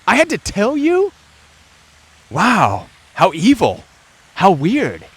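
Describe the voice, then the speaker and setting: Emphatic man with a higher voice. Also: huge pitch swings, slow, breathy edge, no room sound. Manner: earnest, emphatic, acts out quoted voices. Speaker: host. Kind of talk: motivational talk on narcissistic abuse.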